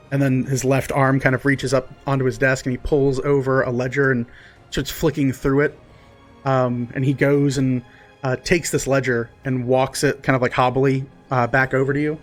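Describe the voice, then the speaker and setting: A man narrating a tabletop game as game master, casually and with many fillers. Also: medium pitch.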